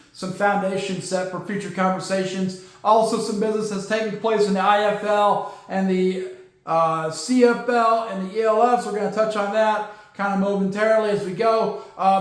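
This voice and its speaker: A man hosting a casual sports podcast, talking in a rambling way with many fillers and stumbling over team names. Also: high voice. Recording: very echoey room.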